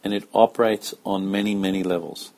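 A man giving a slow, calm spoken lesson as a yoga teacher, talking in a measured, deliberate way with pauses. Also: deep voice.

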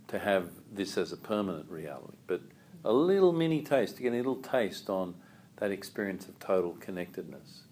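A man teaching a yoga class, calm and asking the group questions. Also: sits low, slight background noise.

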